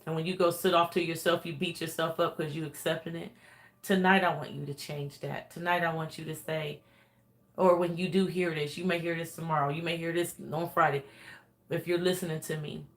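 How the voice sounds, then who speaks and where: A woman's voice: low voice, flat delivery, fairly quick. A woman life coach giving an emphatic motivational talk. She repeats her points over and over and laughs often.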